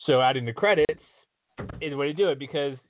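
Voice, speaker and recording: A man's voice: on the high side, quick pace, slight background noise. A man hosting a sports podcast in casual chat, rambling with frequent restarts. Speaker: podcast host. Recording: dry, tinny phone-like line.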